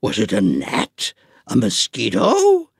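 A man voicing a huge male giant warrior who taunts slowly and loudly. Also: medium pitch, huge pitch swings, vocal fry, slightly rough, no echo, studio quality, exaggerated voice. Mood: mocking. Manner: slow, loud, scornful taunting.

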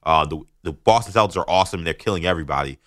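Brief: man, sports talk radio host, low-pitched, bright, forceful delivery, dry studio sound. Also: racing, dry recording. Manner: animated, mocking, laughs often.

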